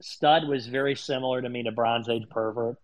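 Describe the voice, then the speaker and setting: A man's voice: mid-range voice, steady tone, brisk, poor audio. A man talking in a casual podcast chat as an online commentator, rambling and crude, with lots of fillers.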